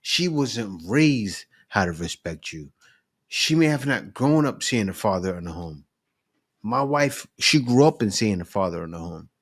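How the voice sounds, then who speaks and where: A man hosting a reaction commentary, pausing clips to lecture emphatically about relationships. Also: medium pitch.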